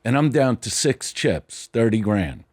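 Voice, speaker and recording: A man tells a story on a podcast, animated and loose. He drops into low mutters at the ends of phrases, keeping a casual, confident rhythm. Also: unhurried. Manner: animated, acts out dialogue, trails off into low mutters. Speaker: guest storyteller.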